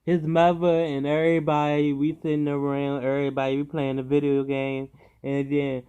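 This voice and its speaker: Animated man telling a storytime. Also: a little high, moderate pace, clean tone, dull audio. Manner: animated, profane, dramatic retelling. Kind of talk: casual storytime.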